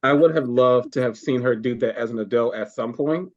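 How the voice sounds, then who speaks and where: Co-host with teasing, wry asides, mid pitch, muffled lo-fi sound. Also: fairly quick, a little mellow. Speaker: podcast co-host. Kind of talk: casual chat about a TV episode.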